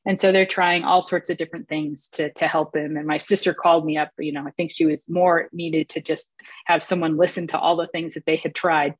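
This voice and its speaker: Woman, recovery meeting share, hesitant with many fillers, lowish voice, dry sound. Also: fairly even intonation, a little fast, slightly rough, no echo.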